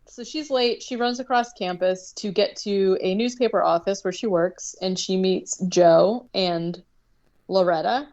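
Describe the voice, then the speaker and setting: A woman's voice: medium pitch, measured pace, a little mellow, dull audio. A woman co-hosting a podcast, loosely recapping a movie plot with lots of filler words and restarts. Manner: rambling summary full of filler words. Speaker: podcast co-host.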